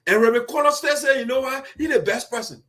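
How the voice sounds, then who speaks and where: Liberian male show host, high-pitched, animated and indignant, chatty commentary. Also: fast. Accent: Liberian English. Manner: animated, laughing, indignant asides. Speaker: host of diaspora community show. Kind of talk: casual commentary.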